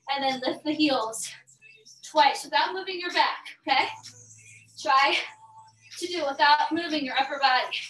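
A woman fitness instructor calls out moves and countdowns in a high, bright, energetic voice, a little out of breath. She sounds set back from the mic in an echoey room, with music playing behind her. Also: far from the mic. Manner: energetic coaching with cheers and countdowns. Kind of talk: live workout class instruction.

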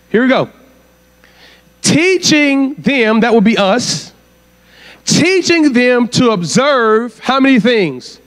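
A man preaching as guest speaker at a church conference, firing rhetorical questions at the congregation. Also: very high voice. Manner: asks the crowd rhetorical questions. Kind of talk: sermon.

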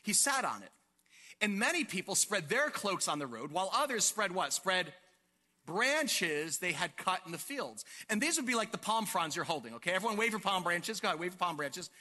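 A male pastor preaching an animated sermon to his congregation, asking them questions and acting out the scene. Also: high-pitched, fairly quick, long reverb tail. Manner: animated, asks the congregation questions and acts out quotes. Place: church sanctuary.

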